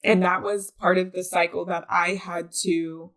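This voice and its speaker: A woman's voice: lowish voice, little pitch movement, measured pace, a bit bright. A young adult woman hosting a solo podcast, talking in an earnest, conversational way with many fillers and restarts. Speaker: podcast host. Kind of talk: reflective solo podcast talk.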